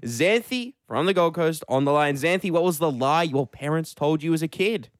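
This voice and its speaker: A man's voice: a little high, animated, normal speed, no echo. Upbeat radio host, man. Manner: chatty, upbeat, laughs easily. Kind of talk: breakfast radio banter. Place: radio studio. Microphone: studio microphone.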